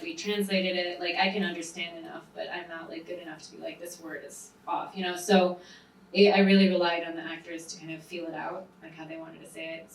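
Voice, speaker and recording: A woman's voice: lowish voice, slight background noise. A woman film director speaking casually at a panel Q&A, with many fillers. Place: private screening venue. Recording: roomy hall, far from mic.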